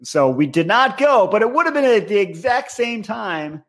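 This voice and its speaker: A man's voice: high voice, big pitch swings, normal speed. A man co-hosting a podcast, chatting casually about reality TV and telling stories from his own life with frequent laughs. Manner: storytelling, laughs often. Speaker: podcast co-host. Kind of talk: casual chat recapping reality TV.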